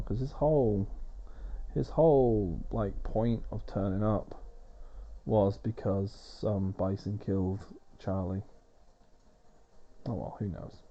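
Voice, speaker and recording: A man's voice: medium pitch, creaky, highs cut off. A man giving rambling, wry, off-the-cuff game commentary while he soothes a baby. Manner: rambling, wry and chatty, swearing now and then. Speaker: gaming video host.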